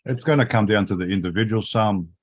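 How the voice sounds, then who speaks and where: A man's voice: fairly low pitch, fast, slightly rough. A man speaking frankly in a casual livestream chat, rambling and agreeing often. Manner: rambling, frank, says yeah a lot.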